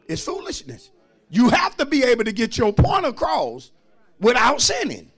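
A man, preaching a sermon as pastor and swinging from quiet asides to shouted lines. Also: very high voice, wildly swooping pitch, normal speed, breathy edge.

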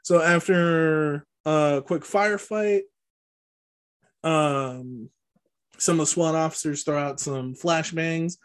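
A man's voice: on the high side, slow, smooth. A man co-hosting a podcast, casually recapping a movie plot with lots of fillers and frequent laughs. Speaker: podcast co-host.

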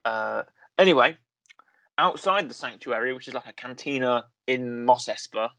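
A man's voice: medium pitch, expressive, moderate pace, creaky, bright, forceful tone, no room sound. A man co-hosting a podcast in casual chat, rambling and correcting himself often, with lots of fillers. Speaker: podcast co-host. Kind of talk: casual chat reviewing a series.

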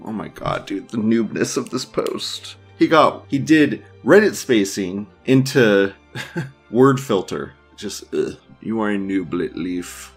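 A man's voice: fairly low pitch, expressive, slow, slightly rough, faint music behind. A man hosting a podcast, casually reading forum posts aloud with crude jokes and frequent laughter. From United States. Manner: crude, joking, laughs often. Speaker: podcast host.

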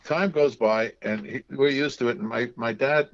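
A man, a guest author, telling family anecdotes in an animated way and acting out the voices of relatives. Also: mid-range voice, moderate pace, lo-fi sound.

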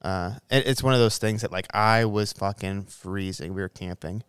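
A man's voice: on the low side, normal speed, clean tone, no echo. A man co-hosting a casual podcast, telling stories loosely with swearing and laughter. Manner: swearing, animated storyteller, laughs while talking. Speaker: podcast co-host. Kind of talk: casual storytelling chat.

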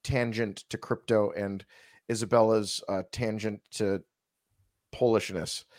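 A man's voice: fairly low pitch, steady tone, measured pace, darkish tone, no echo, clean studio sound. A man co-hosting a podcast in casual chat, joking and telling comic stories with many fillers. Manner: joking, tells comic stories with put-on quotes. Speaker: podcast co-host.

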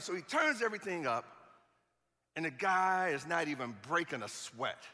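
A man from Chicago preaching a sermon, telling jokes in an animated, playful way. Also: a little high, normal speed, in a large hall. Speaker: pastor.

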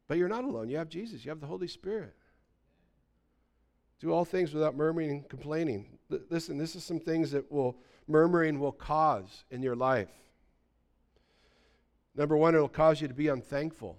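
A pastor in his sixties delivers a sermon with a smooth, resonant voice that sits a little high for a man. He preaches in a chatty, storytelling way, often turning to his listeners with a quick question. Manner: conversational storytelling, checks in with the audience.

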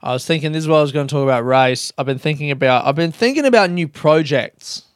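A young Australian man talks alone on his podcast in a smooth, resonant voice that sits a little high for a man. The sound is close and dry. He swears nonstop and rambles in long run-on bursts. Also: lively intonation, quick pace, no room sound. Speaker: stand-up comedian and podcast host. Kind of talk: solo podcast monologue.

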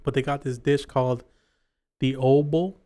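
A man's voice: medium pitch, fairly even intonation, normal speed, mellow. A young man with a mid-range voice co-hosting a casual podcast. He teases his co-host and swears freely. He dwells lovingly on dishes as he names them. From Mexican-American. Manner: profane, teasing, relishes describing food. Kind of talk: casual chat.

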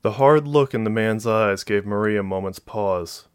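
A man narrating a novel as an audiobook in a steady, even storytelling voice. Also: fairly low pitch, normal speed, clean tone, no room sound.

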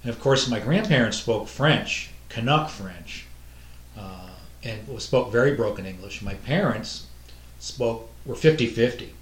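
A man's voice: mid-range voice, unhurried. A man telling family stories in casual conversation, laughing often. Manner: lively storyteller, laughs often. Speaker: guest musician. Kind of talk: casual chat. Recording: echoey room.

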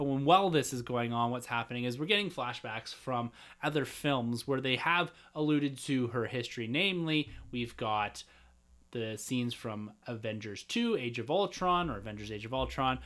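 A man's voice: mid-range voice, normal speed, fairly bright tone. Methodical man breaking down a trailer. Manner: methodical, explains scene by scene, repeats "yes" and "yeah". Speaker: podcast co-host. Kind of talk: casual chat breaking down a trailer.

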